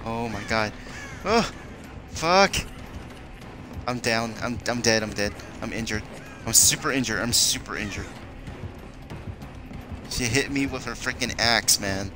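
A man streaming a horror game with live commentary, excitable, swearing and yelling in panic. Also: lowish voice, moderate pace, pauses often, music in the background. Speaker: gameplay streamer.

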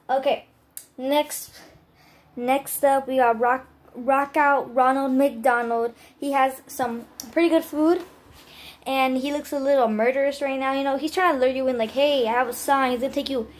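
A woman vlogger chatting casually and joking playfully with slang while showing items from a haul. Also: high voice. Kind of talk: casual haul video chat.

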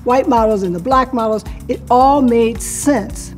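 Animated older woman telling her own story. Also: a little high, measured pace, soft background music. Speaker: interviewee recounting her career. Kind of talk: personal storytelling to camera.

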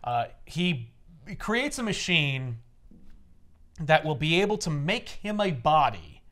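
A man's voice: fairly high pitch, sing-song, slow pace, a bit bright. A man hosting a casual chat, rambling and swearing as he recaps a story and acts out its characters. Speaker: podcast host.

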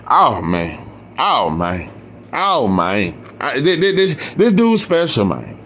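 A man's voice: medium pitch, huge pitch swings, takes it slowly, a bit bright, slight background noise. A man hosting his own boxing channel, giving passionate, emphatic casual commentary and repeating his points for emphasis.

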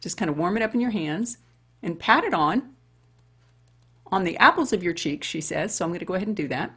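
A woman's voice: on the low side, animated, a little fast, fairly bright tone, husky. A woman over fifty chatting her way through a makeup tutorial and talking straight to women viewers. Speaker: beauty vlogger. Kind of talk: casual makeup tutorial chat.

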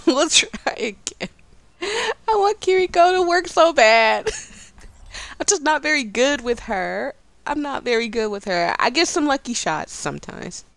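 A woman's voice: mid-range voice, vocal fry, fairly bright tone, no room sound. A woman chatting through her online game, talking to herself and repeating lines as she plays. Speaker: gamer streaming her play. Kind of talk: casual gameplay commentary.

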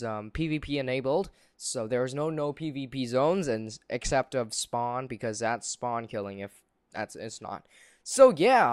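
A young man casually commentating his own gameplay, excitable and quick to exclaim and laugh. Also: medium pitch, smooth, no echo, clean studio sound. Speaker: gaming channel host.

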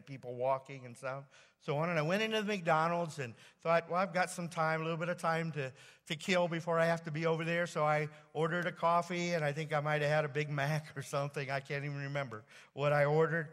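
A man preaches from a church sanctuary, telling a personal story with plenty of fillers and restarts. His voice sits a little high, and it trails off into a long reverb from the hall around him. The delivery is loose and conversational rather than polished. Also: a bit bright. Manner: halting, rambling storyteller with many fillers and restarts. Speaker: pastor. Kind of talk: storytelling sermon.

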